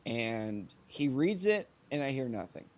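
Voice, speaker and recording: A young man, a singer-songwriter guest on a podcast, telling a casual anecdote in an animated way and acting out the dialogue. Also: mid-range voice, measured pace. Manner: animated, acts out quoted dialogue.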